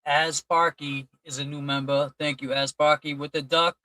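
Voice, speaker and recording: A man's voice: a little high, level tone, normal speed, pushed and bright, dry recording, low-quality recording. A man hosting a casual livestream, reading out and thanking chat donors in a loose, chatty way. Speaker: livestream host.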